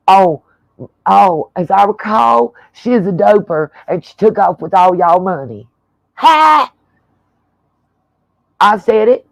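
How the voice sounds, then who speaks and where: Woman, channel host, blunt profane rant, irritated, dry close sound, gravelly. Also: medium pitch, darkish tone, no room sound, low-quality recording. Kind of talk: livestream commentary rant.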